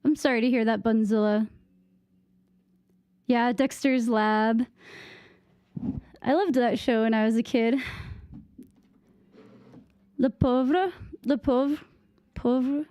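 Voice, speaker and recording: High, slow-talking woman streamer. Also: mellow, clean tone, dry recording, clean studio sound. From United States. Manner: giggly, chatty, tries out French phrases. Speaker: game streamer. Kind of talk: casual live-stream chat with viewers.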